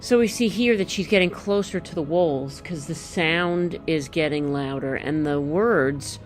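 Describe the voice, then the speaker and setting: Woman, deep voice, unhurried; gentle picture-book read-aloud for children. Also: faint music behind. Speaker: storyteller walking through a picture book.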